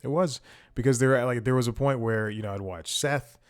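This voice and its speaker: A man's voice: mid-range voice, moderate pace, smooth. A man hosting a comedy podcast. He talks in a casual, rambling monologue, mocks himself, and chuckles between sentences.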